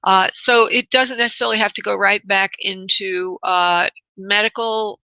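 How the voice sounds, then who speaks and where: A woman's voice: medium pitch, fairly even intonation, moderate pace, sharp tone, smooth, dry recording, highs cut off. A woman hosting a call-in radio show as a psychic medium, giving readings in a chatty way with many fillers and calling callers honey and love.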